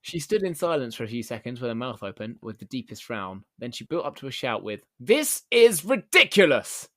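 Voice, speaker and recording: A male podcast host telling a story in a casual, deadpan and amused way, with casual swearing. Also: mid-range voice, fast, no echo, clean studio sound.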